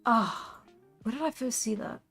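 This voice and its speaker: Young woman, from South Africa, live-stream chat, relaxed, giggly, fillers, faint background music. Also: a little high, measured pace, vocal fry, slightly rough. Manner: relaxed, chatty, laughs often, many fillers. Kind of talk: casual live-stream chat while drawing. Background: soft background music.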